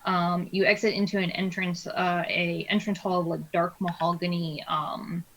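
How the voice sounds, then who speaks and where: A woman narrating as game master of a tabletop game, pausing often with fillers as she describes places. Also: lowish voice, flat delivery, fairly bright tone, slight background noise, low-quality recording. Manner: hesitant, many filler pauses.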